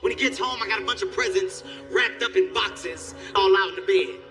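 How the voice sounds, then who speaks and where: A man doing profane, animated stand-up storytelling on stage, jumping into squealing character voices. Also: high-pitched, fairly quick, faint music behind. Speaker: stand-up comedian. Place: comedy stage.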